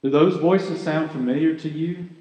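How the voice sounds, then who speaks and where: A man's voice: fairly high pitch, steady tone, normal speed, darkish tone, reverberant, long reverb tail, low-quality recording. A man giving a sermon as pastor, earnest and conversational, asking his listeners rhetorical questions.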